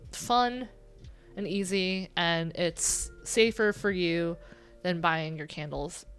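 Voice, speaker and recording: This livestream host pokes fun at herself as she rambles and chats away. Her nasal voice sits fairly low in pitch and sounds a bit bright.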